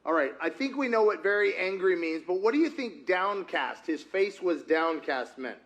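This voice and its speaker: A pastor delivers a sermon in a fairly high voice for a man. He talks in a loose, animated way, stopping often to put questions to the congregation. He is speaking in a church. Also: normal speed, highs cut off. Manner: asks the congregation frequent questions; conversational and animated. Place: church sanctuary.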